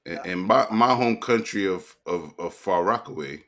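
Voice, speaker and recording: A man's voice: sits low, animated, normal speed, a bit bright. A man co-hosting a casual stream chat, teasing the others with laid-back jokes.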